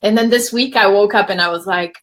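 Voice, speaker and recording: A woman hosting a relaxed conversation, in a middle pitch. She talks in a chatty, storytelling way and acts out her own quoted lines. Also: brisk. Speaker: host. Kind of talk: casual chat.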